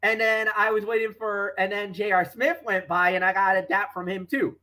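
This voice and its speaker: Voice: medium pitch, steady tone, moderate pace, bright, forceful tone, poor audio. A sports talk show co-host chatting casually, telling stories and talking players, rambling with fillers and restarts.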